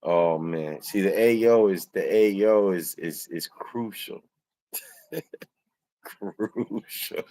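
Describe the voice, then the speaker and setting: Male livestream host, deep unhurried voice, loose laughing storyteller who curses freely. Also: a little mellow, rough recording. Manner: laughs often, swears, rambling storytelling. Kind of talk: casual livestream chat.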